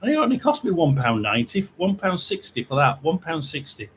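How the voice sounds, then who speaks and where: A middle-aged man with a slightly high voice hosting a casual livestream chat, rambling and greeting viewers by name as he talks. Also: sing-song, brisk, fairly bright tone, slight background noise, low-quality recording. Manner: rambling, chatty, reads out viewer names. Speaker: psychic livestream host.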